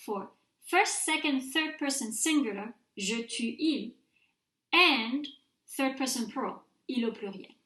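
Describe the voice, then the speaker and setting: A woman's voice: fairly high pitch, a bit bright. Woman teaching French verbs, echoey room. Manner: patient, clear, models pronunciation for repetition. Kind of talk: recorded mini-lecture.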